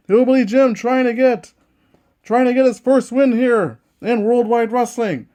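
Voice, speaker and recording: High-voiced man calling tabletop wrestling. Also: a little mellow. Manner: eager, repeats each move as he calls it. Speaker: host commentating a tabletop wrestling game. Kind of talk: play-by-play wrestling commentary.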